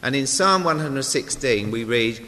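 Male lay preacher, mid-pitched voice, conversational sermon, long hall reverb. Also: animated, a little slow, sharp tone. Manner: chatty, self-deprecating, with asides to the congregation. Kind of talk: informal sermon.

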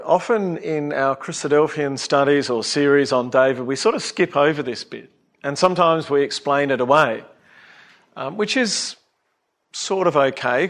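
A man's voice: mid-range voice, fairly bright tone. A middle-aged man giving an earnest, emphatic Bible talk, asking his listeners questions as he goes. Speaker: Bible study speaker.

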